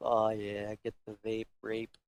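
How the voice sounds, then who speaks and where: A man hosting a podcast in rambling casual chat, halting and slangy, filling his talk with "like" and restarting his sentences. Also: on the low side, completely flat delivery, a little mellow, a little hiss or hum. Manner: halting, filler-heavy, slangy, restarts often. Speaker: podcast host.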